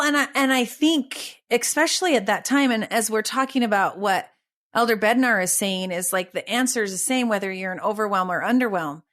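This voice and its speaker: A woman hosting a podcast, speaking in a thoughtful, measured way as she reflects on her own experience. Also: mid-range voice, a bit bright. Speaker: podcast host. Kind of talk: reflective conversational interview.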